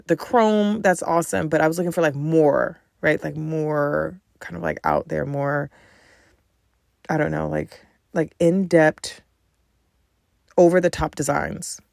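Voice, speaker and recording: A woman hosting a podcast in casual chat, talking in a chatty storytelling way with many "like" fillers and animated retellings. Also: low-pitched, vocal fry, no room sound, studio quality. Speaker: podcast host.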